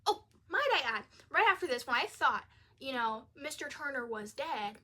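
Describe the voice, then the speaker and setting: A woman's voice: high-pitched, very animated, normal speed, bright, forceful tone, husky. A young woman giving a casual, chatty film review. She sounds exasperated and says "like" a lot. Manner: chatty, exasperated, uses "like" often. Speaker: video creator reviewing a film.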